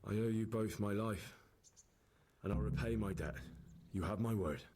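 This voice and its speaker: An actor voicing a wounded young blacksmith in a video game, weary and earnest in tone. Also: male voice, lowish voice, moderate pace, a little mellow, slight background noise, natural voice. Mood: determined. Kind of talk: game voice acting.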